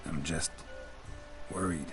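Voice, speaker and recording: An actor playing a terse, gruff male monster hunter in a video game. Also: very deep voice, steady tone, slow pace. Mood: worried, flat. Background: game music.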